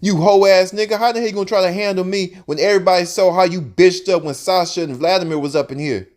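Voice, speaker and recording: A man voicing a fed-up male coworker who shouts back in a loud, cursing, confrontational way. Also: medium pitch, expressive, moderate pace, natural voice. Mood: furious. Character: fed-up male warehouse worker, defiant and furious.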